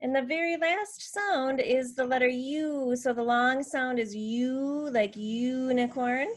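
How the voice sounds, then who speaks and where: Slow-speaking woman teaching letter sounds. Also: high voice. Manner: demonstrates sounds slowly. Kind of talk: instructional explanation.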